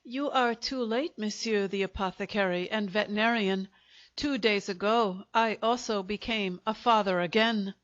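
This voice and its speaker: A woman's voice: mid-range voice, normal speed, no echo, highs cut off, lightly acted. A woman voicing a sad, urbane male French undertaker who speaks with polite regret. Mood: regretful. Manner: courteous, regretful.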